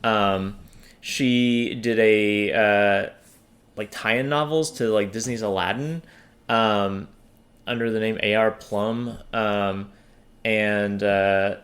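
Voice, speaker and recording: A man's voice: lowish voice, fairly even intonation, slow, a bit bright. A man co-hosting a casual book podcast, talking hesitantly with many fillers and restarts. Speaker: podcast co-host.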